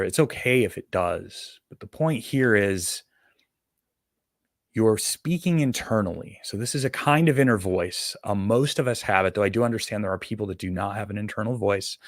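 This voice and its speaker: A man leading a guided meditation, talking slowly and calmly with soothing instructions and pauses. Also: on the low side, no echo, studio quality.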